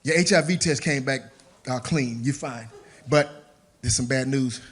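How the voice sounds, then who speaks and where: A male comedian putting on the voice of a solemn doctor who delivers bad news in a low, hushed and deliberate way. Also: breathy edge. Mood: grave. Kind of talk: stand-up comedy.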